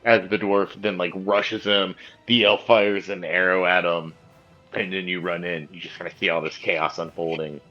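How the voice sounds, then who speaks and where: A man narrating as game master, relaxed and full of fillers. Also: low-pitched, moderate pace, lo-fi sound, faint music behind.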